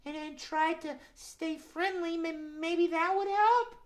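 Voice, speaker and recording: Woman doing a whiny, fed-up puppet cat. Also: slow pace. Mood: calming down. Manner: high, whiny, fed-up complaining. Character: fretful young house cat, grumbly with a neighbor. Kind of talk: children's puppet show.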